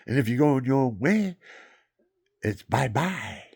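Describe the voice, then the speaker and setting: A man's voice: medium pitch, sing-song, a little slow, creaky, a little mellow, husky. An older man rambling through folksy personal stories that turn into plain-spoken preaching, with many restarts. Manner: folksy, repetitive, with lots of restarts. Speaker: religious speaker.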